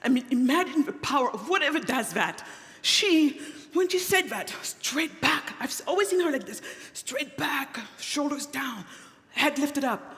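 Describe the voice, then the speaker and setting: A woman's voice: high voice, animated, unhurried, a bit bright. Emphatic woman speaking in a reverberant hall. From Africa. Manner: emphatic, repeats key phrases for effect. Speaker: entrepreneur giving a keynote. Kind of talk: conference keynote speech. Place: large conference hall on a stage. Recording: long reverb of a large hall.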